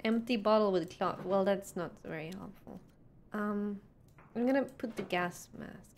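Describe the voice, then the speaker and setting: A young woman streams a game and chats casually with viewers, asking them questions and laughing often. Her mid-range voice is unhurried and darkish in tone, with slight background noise.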